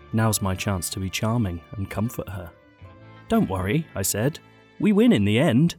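A man hosting a podcast, reading out listener stories with dry, mock-gloomy asides. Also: fairly low pitch. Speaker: podcast host.

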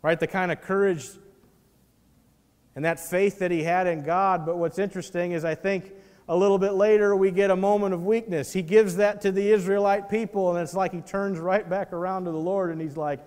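A man preaching a sermon as pastor, animated and acting out the voices in the scripture he reads. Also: high voice, a little fast, in a large hall.

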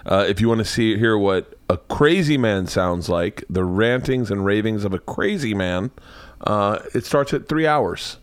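A man's voice: lowish voice, expressive, unhurried, clear, resonant tone, no room sound. A man hosting his podcast, rambling in casual chat and often restarting his sentences. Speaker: podcast host.

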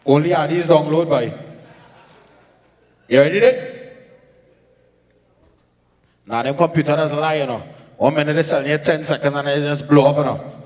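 A man MCing a sound clash event, shouting hype announcements to the crowd. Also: on the high side, fairly even intonation, normal speed, long pauses. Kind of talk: live event hype talk. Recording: echoey venue with long reverb.

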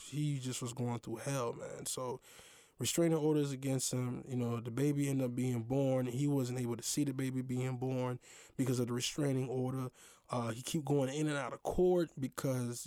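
A man's voice: medium pitch, clear, resonant tone, dry recording. Young guy spinning a story, slangy, lots of "you know", dry close sound. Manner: slangy, animated, full of fillers. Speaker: podcast host. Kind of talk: casual storytelling.

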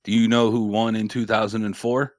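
A man's voice: on the low side, flat delivery, a little fast, no room sound, clean studio sound. A man co-hosting a podcast in casual, joking, blunt chat. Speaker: podcast co-host.

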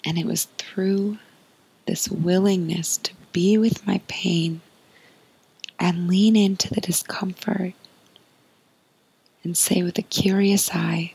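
A woman hosting a podcast, giving a soft, earnest spiritual monologue in a breathy, often whispered voice. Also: fairly low pitch, fairly even intonation, slow pace, pauses often, rough recording. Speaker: podcast host.

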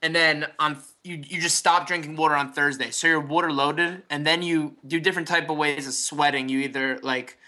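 A young man from New Jersey, a guest fighter, explaining plainly with halting speech and many fillers. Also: fairly high pitch, fairly even intonation, bright, forceful tone. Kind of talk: casual interview chat.

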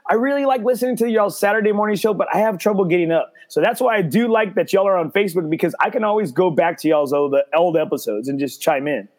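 A man with a high-pitched voice hosts a podcast. He tells stories in an animated way and pokes fun at himself in casual chat. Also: quick pace, hardly any pauses. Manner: animated storyteller, self-mocking. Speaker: podcast host.

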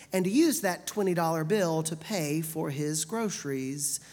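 A woman narrating a story in a measured, deliberate way. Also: low-pitched, darkish tone. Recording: long hall reverb.

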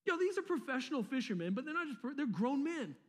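This pastor talks fast, his high, bright voice swinging widely in pitch as he preaches, with a long reverb from the large church hall. He stays casual and chatty, dropping in slang asides and repeating words along the way.

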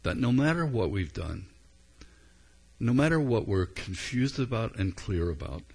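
A man preaching a sermon as a pastor, in an earnest, conversational way with frequent pauses and ums. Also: lowish voice, very animated, creaky, darkish tone, breathy edge.

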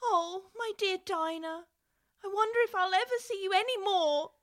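A woman's voice: sits high, sing-song, unhurried, fairly bright tone, voice pushed up, exaggerated voice. A woman doing an eager little girl. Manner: eager, earnest.

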